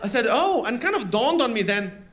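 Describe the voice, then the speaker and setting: High-voiced comedian on stage. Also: male voice, slight background noise. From Lebanon. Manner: lively, animated storytelling with punchline pauses. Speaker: stand-up comedian. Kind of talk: stand-up comedy set. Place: live comedy venue with an audience. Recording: live stage recording, loud audience laughter.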